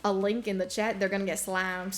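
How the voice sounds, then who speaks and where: A woman's voice: mid-range voice, level tone, normal speed. A woman streamer chatting casually with her viewers while gaming, bubbly and giggly, full of slang.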